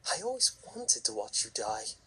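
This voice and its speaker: Guy doing an unhinged sea captain, husky, choked whispers, slow creepy taunts, horror story. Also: fairly low pitch, big pitch swings, sharp tone, full character voice, rough recording. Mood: taunting. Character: deranged male ship captain, murderous and giggling.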